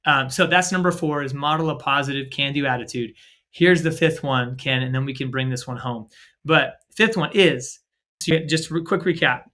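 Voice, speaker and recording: A man's voice: a little high, a bit bright. A man co-hosting a faith-based leadership podcast, talking casually and with energy, full of 'like' and 'right?' and often acting out quoted dialogue. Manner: lots of filler 'like' and 'right?'. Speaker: podcast co-host.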